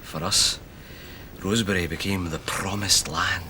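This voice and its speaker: A wry Glasgow storyteller. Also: male voice, sits low, fairly even intonation, unhurried, bright, forceful tone, slight background noise, heavily acted. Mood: wistful. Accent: Glaswegian. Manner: wry, storytelling, dry wit. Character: wry middle-aged Glasgow man, a born raconteur. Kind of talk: TV comedy drama acting.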